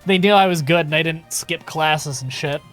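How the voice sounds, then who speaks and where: A man streaming a game live, chatting in a relaxed, casual way with some swearing as he answers chat questions. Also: fairly high pitch, moderate pace, faint music behind.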